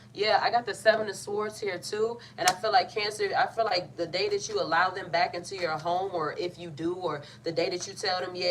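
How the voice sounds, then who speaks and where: A young woman giving a casual, playful tarot reading, talking in a loose colloquial way and often cutting herself off. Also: on the low side. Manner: chatty, colloquial, playful and self-interrupting. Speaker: tarot reader. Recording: slightly distant mic, faint background noise.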